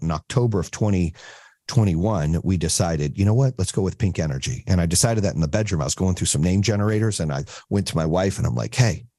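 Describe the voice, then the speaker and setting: A man's voice: fairly low pitch, mellow, no room sound, clean studio sound. A man hosting a podcast, coaching a small group on business in a blunt, profane, storytelling way.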